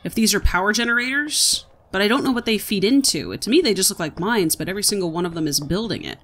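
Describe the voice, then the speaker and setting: Bright, chatty let's-play gamer. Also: medium pitch, animated, fast. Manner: chatty, reactive, exclaims at gameplay. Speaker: gaming video host.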